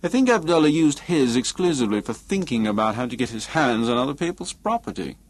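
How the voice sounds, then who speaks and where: A man's voice: mid-range voice, big pitch swings, brisk, pitched above the performer's own voice. A man voicing a blunt, sardonic male painter with a cutting, dismissive way of talking, in an audiobook. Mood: scornful. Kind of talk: audiobook character reading.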